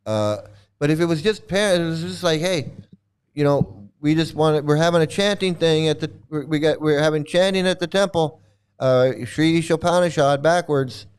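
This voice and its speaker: Man, smooth clear voice, sarcastic, rambling, casual commentary. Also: on the high side, normal speed. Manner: sarcastic, rambling with many restarts.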